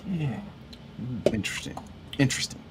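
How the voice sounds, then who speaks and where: A man co-hosting a casual livestream, relaxed, laughing often as he reads viewer comments aloud. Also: medium pitch, moderate pace, a little hiss or hum. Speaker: livestream co-host.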